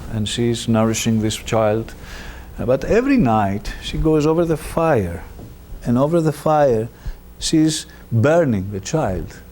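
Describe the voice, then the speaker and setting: Slow-speaking male lecturer. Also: mid-range voice, slight background noise. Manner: animated, halting with fillers. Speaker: presenter. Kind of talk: retelling a myth in a lecture.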